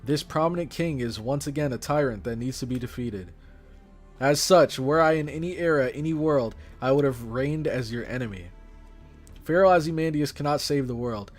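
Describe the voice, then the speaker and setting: A man voicing a proud, arrogant pharaoh king while reading game dialogue aloud, speaking in a haughty, cold, deliberate way. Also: mid-range voice, soft background music, natural voice.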